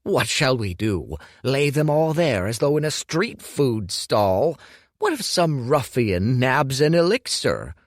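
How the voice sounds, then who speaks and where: A man's voice: medium pitch, very animated, slow pace, no room sound, studio quality, pitched above the performer's own voice. A man voicing a fussy, pompous male alchemist master who makes indignant, theatrical exclamations.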